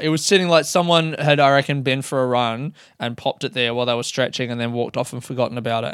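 A man's voice: medium pitch, smooth, no echo, clean studio sound. A young man, a comedian rambling loosely through stories in a sweary, self-mocking way. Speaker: comedian podcast host. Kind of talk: casual rambling monologue.

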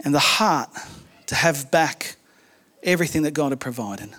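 A man preaching a sermon, telling stories in an animated way with humorous asides. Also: fairly high pitch, moderate pace. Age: adult, married.

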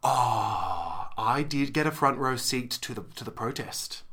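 A young man chats loosely as a podcast co-host. His voice is bright and lively, swinging widely in pitch. He rambles and giggles, often playing around with silly voices. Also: unhurried. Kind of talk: casual chat.

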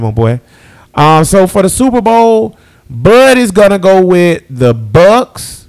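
A man's voice: fairly high pitch, smooth. A man hosting a podcast, chatting loosely through football season picks and addressing listeners as y'all. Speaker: podcast host. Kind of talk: casual sports picks chat.

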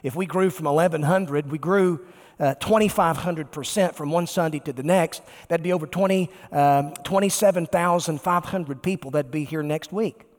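High-voiced preacher in a reverberant church. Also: male voice. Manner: emphatic preaching, slows down to stress key words. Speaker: pastor. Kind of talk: sermon. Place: large church sanctuary. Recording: long reverb of a large church.

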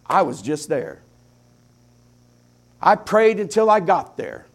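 A man preaching a sermon, with impassioned swings between hushed, quiet lines and loud climaxes, drawing his phrases out slowly. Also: a little high, big pitch swings. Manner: slow, deliberate preaching with drawn-out phrases.

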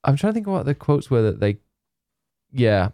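A man's voice: mid-range voice, big pitch swings, normal speed, dark tone, dry recording. A man co-hosting a casual chat show, rambling with lots of fillers and frequent laughter. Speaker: podcast co-host.

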